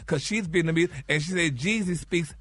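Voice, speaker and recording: Flamboyant high-voiced man on morning radio. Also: normal speed, fairly bright tone. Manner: flamboyant, sprinkles "honey" and "y'all". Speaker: co-host, gossip segment. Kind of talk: casual morning radio chat.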